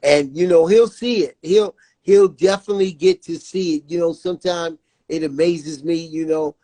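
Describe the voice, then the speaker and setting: A man's voice: fairly high pitch, moderate pace, warm tone, no echo. A man talking as an interview guest about his jailed son, earnest and repetitive, often saying "you know what I'm saying". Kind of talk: emotional interview talk.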